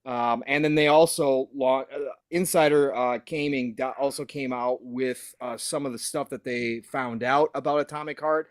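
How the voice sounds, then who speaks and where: A man hosting a casual gaming podcast, talking in an animated, opinionated way and laughing often. His voice sits at a middle pitch. It is recorded close and dry, with no room sound. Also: moderate pace, hardly any pauses, no echo. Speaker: podcast host.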